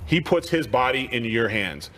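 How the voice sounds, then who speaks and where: A man's voice: mid-range voice, animated, moderate pace, fairly bright tone. A man on a talk panel, joking and telling stories about his wrestling career. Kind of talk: casual panel banter.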